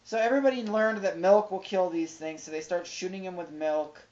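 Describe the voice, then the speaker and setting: A woman's voice: lowish voice, fairly even intonation, fairly quick, a loud crowd. A woman co-hosting a casual podcast, recapping a movie plot with sarcastic, profane asides. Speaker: podcast co-host reviewing a movie. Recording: slightly dull lo-fi sound.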